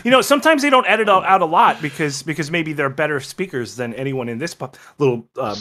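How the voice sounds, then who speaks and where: Man, podcast guest, casual chat, blunt, argumentative, bright voice. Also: a little high, animated, quick pace. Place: online voice call.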